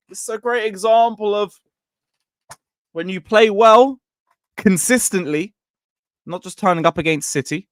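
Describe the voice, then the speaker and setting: Animated young man ranting. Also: high-pitched, clean tone, no echo, studio quality. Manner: animated, mocking, swears freely, swings between loud and muttered. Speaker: football channel host. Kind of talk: casual livestream rant.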